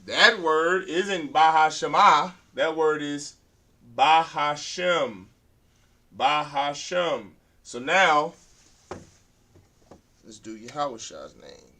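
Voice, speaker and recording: Slow, sharp-voiced male language teacher. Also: a little high, slight background noise. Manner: slow, repetitive, sounds out words syllable by syllable. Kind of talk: classroom lesson at a whiteboard.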